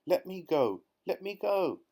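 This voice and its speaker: A man performs a hungry, scheming crocodile from a storybook, who mutters his plans under his breath in a low, hushed voice. He sounds greedy and crafty. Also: moderate pace, natural voice. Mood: panicked. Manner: sly, muttering to himself. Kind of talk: audiobook character voice.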